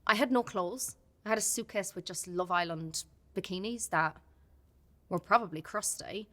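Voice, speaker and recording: A woman's voice: mid-range voice, normal speed, bright, forceful tone. An Irish woman talking openly and with feeling as a podcast guest, often restarting her sentences. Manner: open and heartfelt, many restarts. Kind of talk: candid casual chat.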